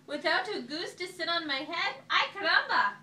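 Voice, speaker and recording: A squawking, excitable storybook hen, as a woman puts her on, shrieking way up high in an echoey room heard from far off. Her cries come out loud and bright. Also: a little slow, slight background noise, exaggerated voice. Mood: excited. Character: excitable hen shouting in Spanish.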